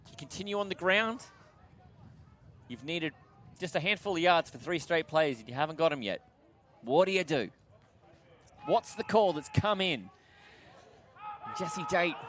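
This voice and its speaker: An Australian play-by-play commentator with a fairly high voice calls the game at normal speed, leaving long pauses. He's excitable and his voice climbs to shouts on big plays.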